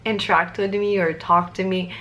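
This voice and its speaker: Chatty young moroccan girl talking to camera, kinda low voice, bit of hiss behind. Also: fairly even intonation, normal speed, a bit bright. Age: young adult. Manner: bubbly, chatty, lots of "like" fillers. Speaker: vlogger, exchange student. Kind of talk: casual chat to camera.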